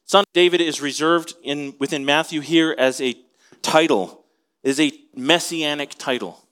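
A man's voice: fairly high pitch, moderate pace, a bit bright, smooth. A man preaching an expository sermon in a conversational way, asking his listeners questions as he teaches. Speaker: pastor.

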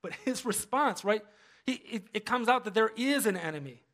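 A man preaching a sermon as pastor, animated and humorous, acting out quoted voices. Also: sits high, moderate pace, a little hiss or hum.

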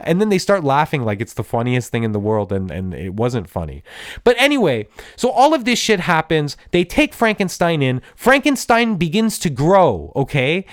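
A man talks through a casual solo podcast in a fairly high voice that bounces all over the place. He rambles, restarts his sentences and wanders into asides with a fan's excitement. The sound is close and dry. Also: normal speed, no room sound. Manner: enthusiastic fan. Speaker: podcast host.

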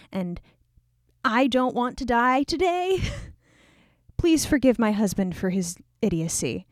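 A woman's voice: on the high side, darkish tone, no room sound, clean studio sound. A woman voicing a frantic, clever young wife who pleads bluntly.

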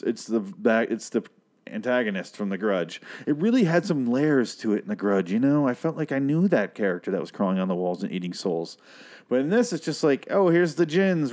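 A man's voice: on the low side, lively intonation, a little fast, darkish tone. A man casually recapping a TV episode, rambling, sarcastic and full of swearing.

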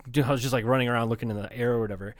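A man's voice: mid-range voice, steady tone, racing, no echo. A man co-hosting a comedy podcast, chatting casually and rambling, swearing freely. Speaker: podcast co-host. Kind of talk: casual chat.

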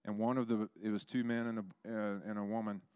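A man's voice: on the low side, little pitch movement, fast talker, warm tone, smooth, no room sound, clean studio sound. A man preaching a sermon, telling stories and acting out the voices in them. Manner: storytelling, acts out quoted voices.

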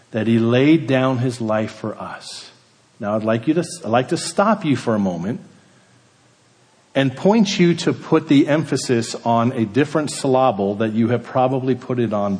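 A man preaching a sermon, building emphasis on key words and then dropping to a quiet hush. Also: mid-range voice, big-room sound. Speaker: pastor.

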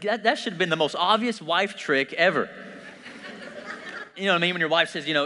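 A man preaching a sermon as pastor, conversational and animated, joking with his congregation. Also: a little high, brisk, a little hiss or hum. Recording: long church hall reverb.

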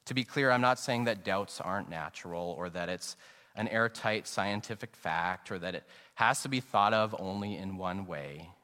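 A middle-aged male pastor preaching an earnest, reflective sermon, slowing down to stress key phrases. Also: low voice, sharp tone. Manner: earnest and reflective, anecdotal, slows down for emphasis. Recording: long reverb, sanctuary acoustics.

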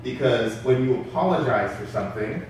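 A man preaching a sermon in a lively, conversational way with street slang. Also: mid-range voice, moderate pace, a little hiss or hum. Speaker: pastor. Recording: echoey hall from far off.

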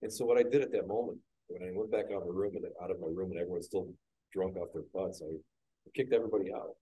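A man, a guest business owner, frankly telling his own story on a podcast panel at a live event, getting animated when he acts out scenes. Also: low-pitched, fast talker, slightly rough, low-quality recording. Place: live industry training event.

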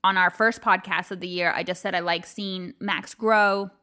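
A woman's voice: fairly low pitch, steady tone, moderate pace, bright, forceful tone. A woman co-hosting a podcast, telling a family story in casual chat, acting out quotes and laughing often. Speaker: podcast co-host.

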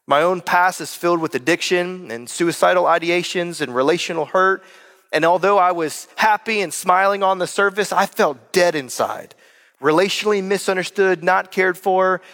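A man's voice: high voice, a bit bright. A young man preaching a sermon, speaking earnestly and directly to his listeners. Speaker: pastor. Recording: long hall reverb.

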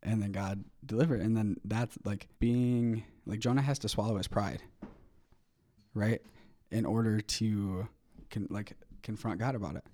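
A man with a fairly low, mellow voice joins a casual Bible discussion. He thinks out loud and feels his way toward each point. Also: fairly even intonation, unhurried. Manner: thinks aloud, searching for words. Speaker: discussion participant. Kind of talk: casual chat.

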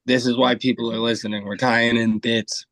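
Young male podcast guest, hesitant, halting, dry close mic. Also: medium pitch, level tone, fairly bright tone, no echo. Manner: hesitant, halting with 'uh' and restarts. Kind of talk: casual podcast banter.

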